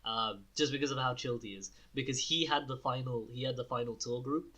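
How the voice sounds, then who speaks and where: A young man co-hosting a casual podcast, telling stories in an animated way, acting out his friends' lines and laughing often. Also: mid-range voice, a little fast. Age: young adult. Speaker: podcast co-host. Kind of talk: casual chat.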